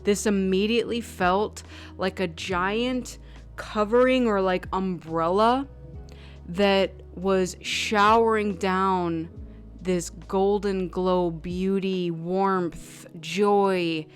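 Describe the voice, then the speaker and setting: Woman tarot reader, unhurried, effusive, mid-pitched, faint background music. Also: fairly even intonation. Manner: effusive and emotional, many "like" fillers. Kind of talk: intuitive tarot reading vlog.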